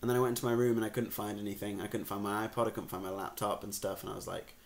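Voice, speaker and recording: Young guy hosting a chat podcast, kinda hesitant, lots of um and like, lowish voice. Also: rapid-fire, vocal fry. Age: young adult. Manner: relaxed, hesitant, lots of fillers. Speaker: podcast host. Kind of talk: casual chat. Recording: faint background noise.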